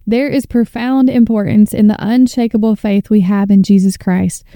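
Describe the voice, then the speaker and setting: Fervent woman podcaster, dark smooth voice. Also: medium pitch, fairly even intonation, normal speed, no room sound, studio quality. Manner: fervent, earnest, preacher-like build-ups. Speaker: podcast host and author. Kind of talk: faith podcast talk reading scripture.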